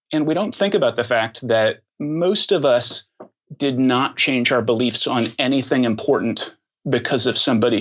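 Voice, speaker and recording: A man speaking as a podcast guest, thoughtful and unhurried, with many ums and restarts. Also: mid-range voice, fairly bright tone, highs cut off. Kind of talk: casual interview talk.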